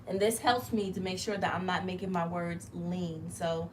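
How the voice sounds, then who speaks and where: A woman with a lowish, steady voice talks at a moderate pace over background noise. She's hosting an easygoing live stream from her living room, chatting to viewers and explaining every step as she makes merch.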